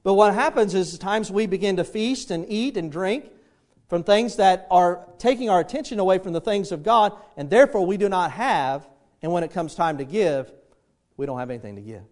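A middle-aged pastor preaches with folksy, homely stories, acting out the voices of the people in them. His high voice is animated and a little mellow, at a moderate pace.

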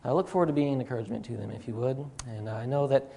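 A man's voice: mid-range voice, racing, vocal fry, dark tone. A young man preaching in a church as a guest speaker, chatty and self-deprecating, with plenty of fillers. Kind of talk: sermon. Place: church sanctuary.

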